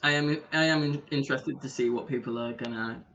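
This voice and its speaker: A man casually chatting on a podcast, animated, laughing often and trying out accents. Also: mid-range voice, brisk, lo-fi sound, soft background music. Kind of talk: casual chat.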